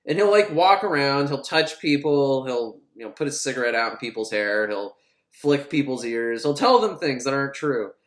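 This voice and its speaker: A man's voice: medium pitch, expressive, moderate pace, reverberant, rough recording. A man giving a casual, joking film recap, rambling and swearing, with lots of "like". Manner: rambling, profane, joking, full of "like". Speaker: film reviewer.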